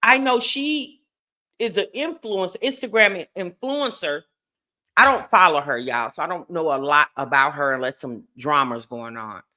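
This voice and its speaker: Chatty woman with a bright, lively voice. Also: sits low, normal speed. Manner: chatty, opinionated, addresses viewers as y'all. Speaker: commentary host. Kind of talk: casual gossip commentary.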